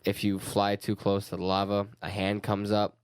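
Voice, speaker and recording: A man's voice: fairly low pitch, completely flat delivery, moderate pace, clean tone, no echo, clean studio sound. A man co-hosting a casual podcast, explaining an old game with crude jokes and plenty of fillers. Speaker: podcast co-host.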